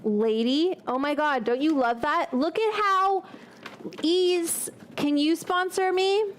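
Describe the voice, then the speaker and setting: A woman's voice: very high-pitched, slow pace, slight background noise. A woman hosting a cooking live stream from a home kitchen, talking in a loose, rambling, chatty way with casual swearing and drifting off onto tangents.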